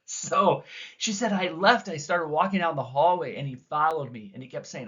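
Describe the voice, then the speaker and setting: A man leading a teacher training session, talking to an audience of teachers and acting out quoted dialogue with big swings in pitch and loudness. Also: moderate pace. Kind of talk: recorded teacher training talk. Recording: dull lo-fi recording.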